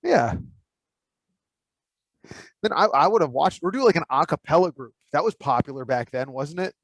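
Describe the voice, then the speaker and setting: A man's voice: on the high side, expressive, moderate pace. Laid-back man rambling in casual chat. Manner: laid-back, rambling, thinks aloud with many fillers. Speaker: podcast co-host.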